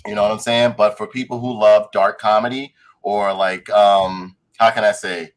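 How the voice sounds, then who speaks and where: A man's voice: fairly low pitch, fairly even intonation, normal speed, rough recording. A man co-hosting a casual pop-culture podcast, retelling a show scene by scene and acting out the characters' lines, swearing freely. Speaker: podcast co-host. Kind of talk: casual chat reviewing a show.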